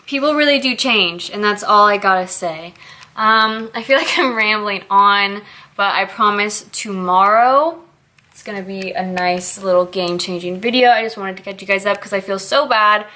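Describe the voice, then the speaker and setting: A woman's voice: medium pitch, moderate pace, sharp tone. A woman vlogger talking candidly in a casual, rambling way, laughing often as she speaks. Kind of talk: casual confessional vlog chat.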